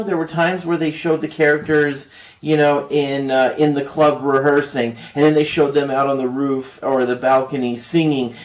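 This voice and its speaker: Male reviewer, slightly high voice, loose rambling delivery, recorded at a distance in an echoey room. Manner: rambling, filler-heavy, frequent restarts. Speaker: film reviewer. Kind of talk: casual spoken movie review. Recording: roomy echo, distant from mic.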